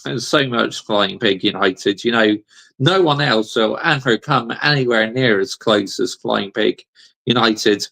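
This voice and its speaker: A man's voice: medium pitch, gravelly, pushed and bright. A man hosting a football channel, ranting heatedly in a live reaction stream, swearing and breaking into laughter as he reads chat.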